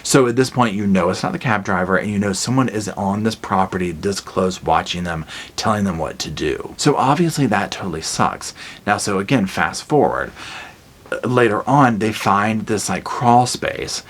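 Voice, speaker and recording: A man reviewing a movie in a casual spoiler recap, telling it in an animated, slangy way and acting out the scenes. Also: on the low side, normal speed.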